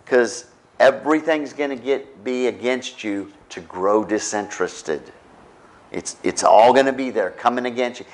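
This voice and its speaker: A man's voice: mid-range voice, measured pace. A middle-aged man preaching a conversational sermon as pastor, often checking in with his listeners. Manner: conversational preaching, keeps asking "right?".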